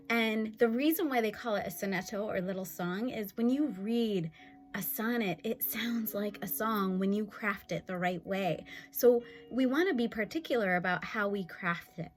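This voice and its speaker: A woman's voice: medium pitch, a bit bright. A woman teacher explaining poetry in a video lesson, upbeat and explanatory, tapping out beats as she goes. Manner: clapping out syllables, upbeat and explanatory. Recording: faint music in background.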